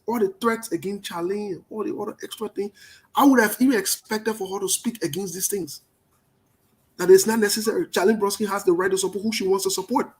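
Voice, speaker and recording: A man with a Liberian accent giving emphatic political commentary, talking loudly and repeating his points. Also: high-pitched. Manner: forceful, emphatic, repetitive, passionate.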